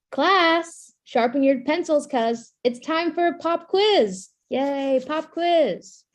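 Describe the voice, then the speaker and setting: A woman's voice: mid-range voice, mellow. A woman from Brooklyn, chatting wittily and then performing a sardonic poem at an online open mic. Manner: witty, sardonic. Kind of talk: performance poetry and chat. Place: home, on a video call. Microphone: video call.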